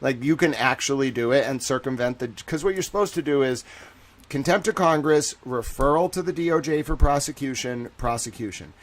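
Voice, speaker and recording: A man hosting a livestream in casual commentary, talking in a rambling, animated way full of "like.". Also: mid-range voice, fairly quick. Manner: rambling and animated, heavy use of "like". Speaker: livestream host.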